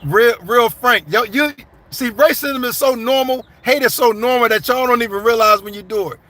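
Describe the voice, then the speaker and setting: A man's voice: very high-pitched, fairly even intonation, fairly quick, pushed and bright. A man doing casual live-stream commentary, reading viewer comments aloud and answering them bluntly. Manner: blunt, conversational, addresses viewers as y'all and man. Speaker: livestream commentator.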